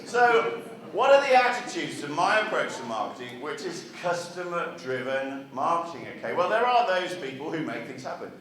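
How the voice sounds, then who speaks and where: A marketing speaker addresses a live audience at a regional meeting, chatty and firing rhetorical questions at the room. His voice sits on the high side, sing-song at a moderate pace, with crowd noise, an echoey hall and a distant mic.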